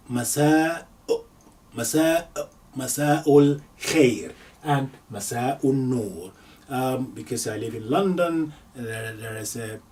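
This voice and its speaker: A man teaching an Arabic language lesson, repeating each phrase slowly for learners, with frequent hesitations. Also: mid-range voice, a little mellow, far from the mic. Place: lives in London.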